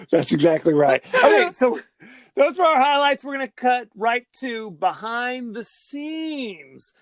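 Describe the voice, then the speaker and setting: A man's voice: very high voice, sing-song, a little slow, few pauses, no echo. A man co-hosting a podcast, chatting casually with a jokey manner. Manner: jokey, reads a quote aloud. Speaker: podcast co-host. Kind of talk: casual chat.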